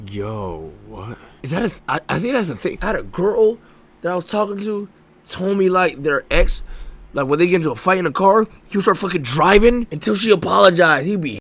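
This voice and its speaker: A man's voice: high-pitched, expressive, a little fast, fairly bright tone. A male streamer reacting to clips in casual, incredulous commentary, swearing and using slang.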